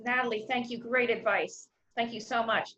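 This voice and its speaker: Brief: higher-voiced woman moderator, polite and appreciative, dull lo-fi recording. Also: fairly even intonation, normal speed, sharp tone. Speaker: interviewer, moderator. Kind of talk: moderating a panel.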